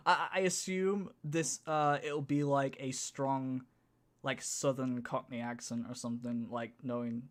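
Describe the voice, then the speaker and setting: A man's voice: medium pitch, steady tone, slow pace. A man from northern England with a northern accent, casually reading a script aloud on a stream and laughing as he comments on it. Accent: Northern English. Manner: giggly, reads lines then riffs on them.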